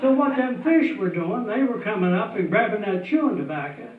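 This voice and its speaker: A man's voice: sits high, animated, a little fast. A man telling a tall tale on a festival stage in a folksy, chuckling way. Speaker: storyteller. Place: festival stage before an audience. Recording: tinny, distant, echoey hall sound.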